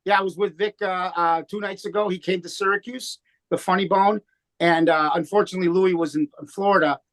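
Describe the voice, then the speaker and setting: A man's voice: sits high, fairly even intonation, fairly quick, a bit bright. A man, a comedian, chatting in an interview in a rambling way with many restarts. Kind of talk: casual interview chat.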